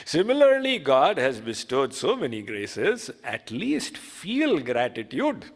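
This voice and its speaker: A man giving a sermon as a spiritual teacher, teaching slowly and deliberately through told stories. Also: mid-range voice, wildly swooping pitch, big-room sound.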